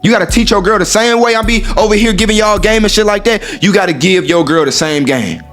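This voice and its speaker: A man's voice: sits high, quick pace, fairly bright tone, faint music behind. Brash, profane man talking swagger. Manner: acts out quoted women in raised voice. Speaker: dating talk host. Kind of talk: casual monologue to viewers.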